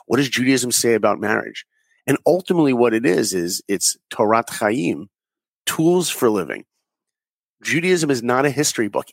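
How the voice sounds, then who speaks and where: Husky, earnest storytelling man. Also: mid-range voice, no echo. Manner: earnest storyteller, acts out quoted voices. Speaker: guest animator and director. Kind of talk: podcast interview.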